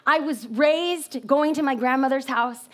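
A woman preaching a sermon in an animated, joking storytelling manner. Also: high voice, measured pace. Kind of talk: comedic sermon.

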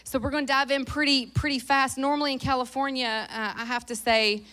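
A woman in her thirties with a Southern US accent, preaching a sermon in a lively, joking, fast-talking way and dropping to a hush when she prays. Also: high-pitched. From American South. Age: 30s. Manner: drops to a hushed voice in prayer. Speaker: guest preacher.

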